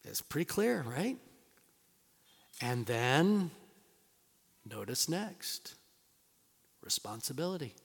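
Guy preaching in a church, gets loud and emphatic, big reverby hall. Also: on the high side, very animated, slow pace, vocal fry, pauses often, husky. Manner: preaching with rising emphatic bursts. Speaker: pastor. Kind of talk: sermon. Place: church sanctuary. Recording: long reverb of a large hall.

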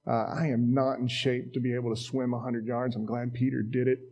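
A man's voice: medium pitch, level tone, fairly quick, darkish tone. A man preaching a casual, conversational sermon in a church, with self-deprecating asides and acted-out quotes. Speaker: pastor.

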